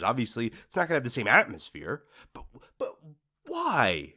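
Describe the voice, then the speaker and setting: Into a studio microphone, a man with a gravelly, husky mid-range voice rants casually at normal speed on his solo podcast. He's animated throughout, voicing what customers are thinking to themselves.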